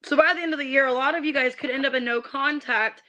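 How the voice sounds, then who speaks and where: Woman tarot reader, high tense voice, irritated ranting, swears, stumbles on restarts. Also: fairly even intonation, fast, bright, forceful tone, slight background noise. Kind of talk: livestreamed tarot reading.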